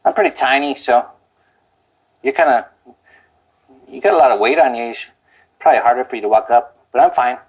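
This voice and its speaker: A man's voice: mid-range voice, fairly quick, long pauses, breathy edge, low-quality recording. A man vlogging outdoors while walking up a steep hill, rambling and out of breath, sighing often. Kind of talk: casual walking monologue.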